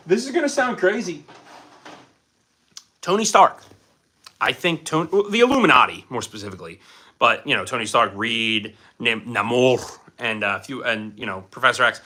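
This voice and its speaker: A man's voice: fairly high pitch, bright, forceful tone. A young man hosting a casual live stream from his home, joking as he answers chat questions.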